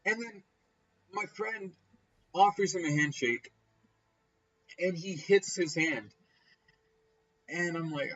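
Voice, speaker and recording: A man's voice: slow pace, long pauses, highs cut off. A man telling a casual story over gameplay, acting out the people he quotes with sudden jumps in his voice. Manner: animated, acts out quoted people with pitch jumps. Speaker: gaming storyteller.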